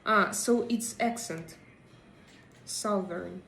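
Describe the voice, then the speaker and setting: A woman hosting a live stream and chatting with viewers, hesitant and pausing often as she searches for her English words. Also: medium pitch, vocal fry, fairly bright tone, echoey room, slight background noise, low-quality recording. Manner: hesitant, many pauses and fillers while searching for English words. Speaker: livestream host. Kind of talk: casual live chat, answering viewer comments.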